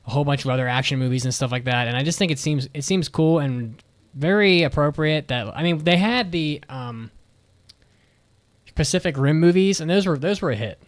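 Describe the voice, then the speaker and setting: A man's voice: a little high, fairly quick. A man co-hosting a podcast in casual chat, rambling and swearing freely. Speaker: podcast co-host.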